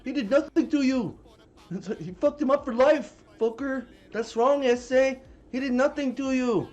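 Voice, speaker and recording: Guy putting on a furious dog owner, screechy high voice, yelling way up top. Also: a little slow, lo-fi sound. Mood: outraged. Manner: shrill outraged yelling. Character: angry young man yelling over his hurt dog.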